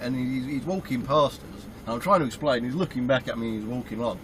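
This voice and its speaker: A British man, a truck driver, telling a story about his work in a casual, animated way and acting out his own reactions. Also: mid-range voice, fairly quick, slight background noise, poor audio. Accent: British English. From United Kingdom.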